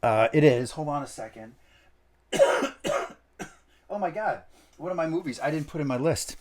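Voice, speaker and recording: A man's voice: on the high side, expressive, moderate pace, darkish tone, slight background noise. A man co-hosting a casual podcast from a home basement studio, chatting with teasing, joking banter. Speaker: podcast co-host. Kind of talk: casual chat.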